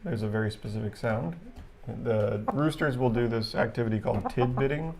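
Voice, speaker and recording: A man's voice: medium pitch, a little fast, a little mellow. A man co-hosting a casual livestream chat, explaining things at length with frequent fillers. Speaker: livestream co-host.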